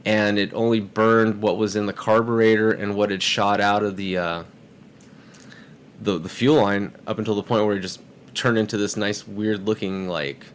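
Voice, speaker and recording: This podcast guest has a fairly low-pitched male voice at a normal speed, with slight background noise. He tells a story in a casual chat, animated and acting out the voices of the people in it.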